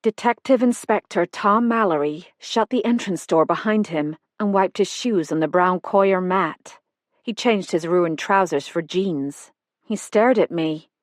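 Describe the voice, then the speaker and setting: A woman reading a first-person mystery novel aloud in an even, measured style. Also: on the low side, no room sound, clean studio sound. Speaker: audiobook narrator. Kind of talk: first-person scripted narration.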